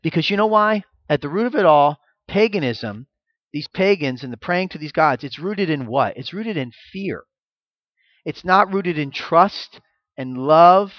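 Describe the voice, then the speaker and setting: A man's voice: fairly high pitch, animated, moderate pace, dry recording, muffled recording. A man preaching a sermon in a conversational, emphatic way.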